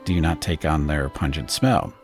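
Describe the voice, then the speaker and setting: A man's voice: a bass voice, normal speed, gravelly, over music. Man reading as a cheery little Orlan singer. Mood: lecturing. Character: small eccentric male Orlan singer, cheerful and self-assured.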